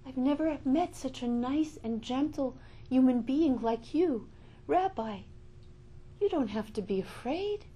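A woman's voice: sits high, animated, a little slow, husky, lo-fi sound, voice pushed up, full character voice. A woman voicing a kind hospital nurse who coaxes and soothes a frightened patient. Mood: soothing. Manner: soothing, coaxing.

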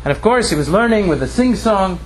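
A man with a fairly high voice tells a traditional Jewish story and draws a lesson from it. He acts out the characters' lines with lively shifts in his voice. A faint hiss sits under the recording. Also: brisk, poor audio.

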